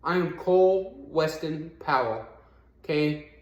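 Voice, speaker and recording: A man's voice: takes it slowly, highs cut off. Man telling a motivational story, echoey room. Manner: conversational, many fillers like "you know"; rises high and emphatic when driving a point home. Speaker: speaker of a recovery talk.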